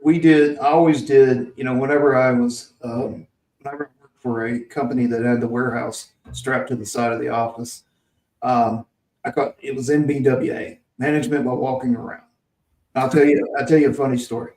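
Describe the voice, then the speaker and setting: A man's voice: medium pitch, flat delivery, a little fast, a little mellow, distant mic. A man from Mississippi telling a long workplace story in casual podcast chat, with lots of restarts and chuckles. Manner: rambling anecdotes with frequent restarts and chuckles. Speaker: podcast host. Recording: roomy, set back from the mic.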